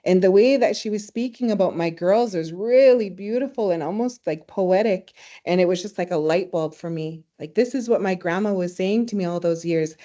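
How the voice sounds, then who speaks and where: A woman teaching a language in a webinar, speaking warmly and reflectively, telling stories and laughing easily. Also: lowish voice, normal speed, hardly any pauses. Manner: warm, storytelling, laughs easily. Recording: slightly dull webinar audio.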